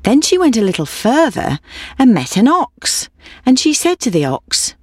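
Lively woman reading a folk tale. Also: a little high, moderate pace, husky, no echo, clean studio sound. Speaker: storyteller. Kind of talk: scripted folk tale narration.

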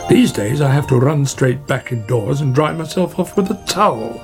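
A man voices a talkative, friendly river otter in a plain, gravelly voice. Music plays softly under the storybook reading. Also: medium pitch, animated, moderate pace, natural voice. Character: chatty friendly male otter.

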